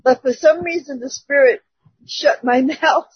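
A woman's voice: sits high, measured pace, no echo. A woman casually telling a personal testimony to her church group, chatty and laughing between phrases, over a dull lo-fi call. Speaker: church member giving a testimony.

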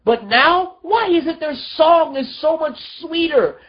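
An unhurried preacher pours out an emotional sermon, pitch rising and falling widely from line to line. Rhetorical questions pile up, and the voice sinks low and soft at the tender points, heard on a slightly dull, lo-fi recording. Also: animated.

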